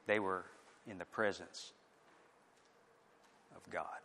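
A man preaching a sermon, swinging from loud, emphatic declarations to hushed, quiet lines. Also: low voice, steady tone, takes it slowly, vocal fry, a little hiss or hum. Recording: echoey hall with long reverb.

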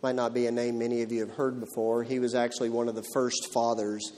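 A man's voice: medium pitch, level tone, fast talker, darkish tone. A man preaching a sermon as pastor, driving his points home with emphatic rhetorical questions in a church. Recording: long hall reverb.

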